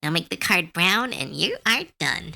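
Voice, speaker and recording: A woman artist chatting casually on a livestream while she draws, talking in a chatty, animated way with many fillers and restarts. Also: on the low side, a little slow, creaky. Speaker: artist streamer.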